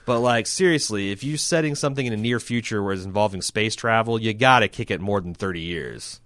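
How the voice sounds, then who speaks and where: A man with a fairly low voice chats casually on a podcast, rambling from one thought to the next with plenty of fillers. The recording is dry and close, with no room sound around him. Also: fairly quick, no room sound. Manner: rambling, animated, breaks into mocking high-pitched impressions. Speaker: podcast co-host. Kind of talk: casual film chat.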